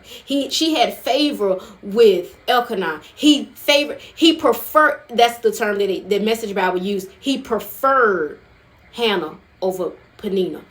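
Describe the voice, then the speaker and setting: A woman preaches in a casual, conversational sermon, her voice sitting a little high. She hammers her points home by saying them again and again, and she keeps turning to the listeners with folksy asides. The delivery is emphatic and personal, more like talking to friends than reading from a pulpit. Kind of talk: informal sermon.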